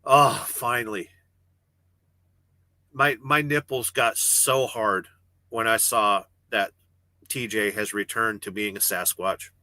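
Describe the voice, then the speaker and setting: A man hosts a casual livestream from the cab of his parked truck and reads out viewer comments. He rambles and jokes, cursing freely. His voice is bright and tense, and it sounds dry and close. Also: on the low side, fairly even intonation, slow, long pauses, no echo. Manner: rambling, joking, swears freely. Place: parked truck cab with refrigerated trailer running.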